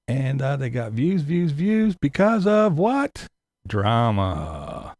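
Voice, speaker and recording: A man's voice: medium pitch, big pitch swings, slow pace, a little mellow, no room sound. A man giving a sarcastic, profane ranting commentary as a YouTube commentator.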